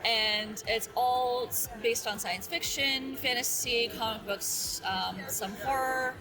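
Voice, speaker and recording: A woman being interviewed as a guest about her glassware business, explaining in a slow, relaxed way. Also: fairly high pitch, music in the background, low-quality recording. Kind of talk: casual interview.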